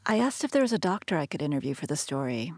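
Husky woman reporter narrating. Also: deep voice, no room sound, studio quality. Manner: calm, measured storytelling. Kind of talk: scripted narration.

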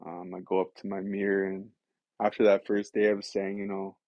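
A man's voice: low-pitched, completely flat delivery, a little fast, no room sound. A man telling his recovery story as an interview guest, earnest and rambling, with lots of "you know" and "right". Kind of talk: candid personal storytelling. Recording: dull lo-fi dry recording.

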